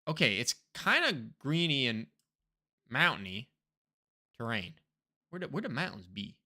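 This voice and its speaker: A man's voice: mid-range voice, very animated, measured pace, pauses often, pushed and bright. A male streamer casually commenting on a game live, swearing and thinking aloud.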